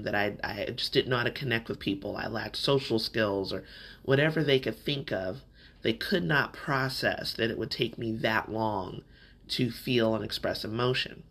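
Bright-voiced man telling a personal story. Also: medium pitch. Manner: candid, reflective, conversational with frequent fillers. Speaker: podcast host.

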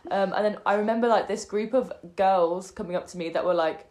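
A woman's voice: medium pitch, fairly quick. Young woman telling a story. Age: young adult. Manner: animated storyteller, acts out quoted voices, many fillers. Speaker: podcast co-host. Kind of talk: casual storytelling chat. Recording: echoey room.

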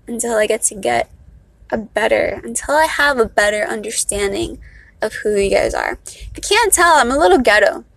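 A young woman from Miami talks off the cuff in a vlog, poking fun at herself as she goes. Her speech carries a Miami accent with a valley-girl lilt, set a little high and bright, with a gravelly fry on the ends of phrases. The recording is dry and close. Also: expressive, moderate pace, no echo, rough recording. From Miami, Florida. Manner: chatty, self-mocking, loose. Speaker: vlogger. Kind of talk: casual unscripted rambling.

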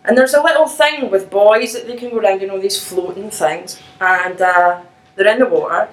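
A middle-aged woman telling a personal story in an animated, laughing, self-mocking way. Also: mid-range voice, normal speed, reverberant, poor audio.

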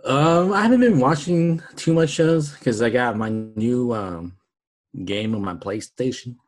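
Chill podcast dude, kinda husky voice, laughs a lot, says like constantly. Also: male voice, medium pitch, lively intonation, unhurried, darkish tone. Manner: laid-back, laughs often, lots of "like". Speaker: podcast co-host. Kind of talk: casual podcast chat.

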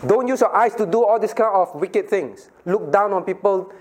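A man's voice: high-pitched, normal speed, darkish tone. A middle-aged man, a pastor giving a playful Bible lesson to children and asking them questions. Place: church room with children.

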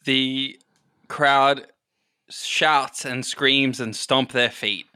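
Bright-voiced man narrating as game master. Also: medium pitch, fairly even intonation, clean tone, no room sound. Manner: measured narration with fillers.

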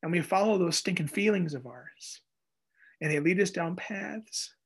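High-pitched animated male preacher. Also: moderate pace, breathy edge. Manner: animated, conversational, acts out voices. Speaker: pastor. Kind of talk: expository sermon.

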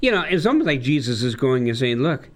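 A man, a pastor, talking through a Bible passage with a colleague and reading verses aloud slowly in old-style wording. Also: medium pitch, very animated. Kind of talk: conversational Bible discussion.

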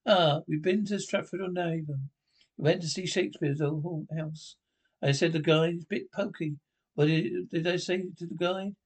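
A man's voice: on the high side, fairly even intonation, moderate pace. An actor playing a chatty middle-aged holidaymaker man who rambles and keeps checking with his partner. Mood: gossipy. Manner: rambling, keeps asking Roy to confirm. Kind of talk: sketch comedy acting.

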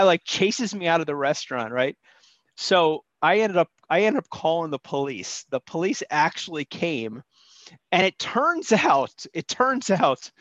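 A man with a fairly high voice rambles through his grievance with plenty of restarts, sounding indignant and worked up. The line is dull and lo-fi, with a dry, close sound and no room around him. He talks casually, like a caller on a phone-in show. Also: a bit bright, no room sound. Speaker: caller telling a story.

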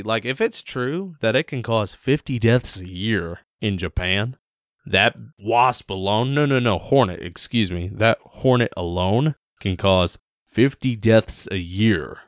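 A man's voice: lowish voice, dry recording, studio quality. A man with a Southern American accent co-hosting a casual podcast chat, rambling with plenty of fillers. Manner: rambling, filler-heavy, lots of "like" and "literally". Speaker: podcast co-host.

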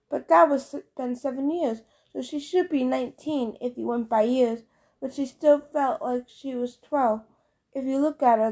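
A woman narrating a first-person audiobook, lively and expressive. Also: sits high.

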